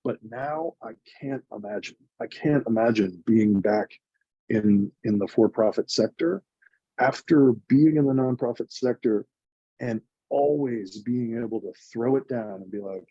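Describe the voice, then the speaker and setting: A man's voice: medium pitch, unhurried, mellow, no room sound, lo-fi sound. A man in his forties, a nonprofit co-founder, telling his story in an earnest, emotional, chatty way. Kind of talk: reflective conversational storytelling.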